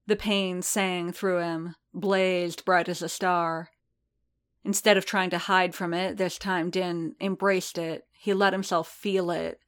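A woman narrating a story in a slow, measured, even reading. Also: fairly low pitch. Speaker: audiobook narrator.

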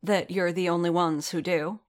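A woman's voice: fairly low pitch, fairly even intonation, moderate pace, lightly acted. A woman voicing a proud woman warrior leader with a cool, mocking, lecturing manner, read as a story. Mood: scornful. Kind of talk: storybook reading.

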